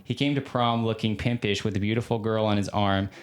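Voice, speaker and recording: Young male co-host, low-pitched, easygoing, casual chat. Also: fairly even intonation, fairly quick. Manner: easygoing, reads comments aloud, short agreeing replies. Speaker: podcast co-host.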